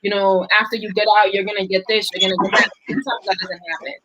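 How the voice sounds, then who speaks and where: A woman's voice: mid-range voice, level tone, quick pace, sharp tone, dull audio, slight background noise. Young woman, talk show host, casual and chatty, filler-heavy. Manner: chatty, leans on "like" and "right?" tags. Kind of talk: casual chat.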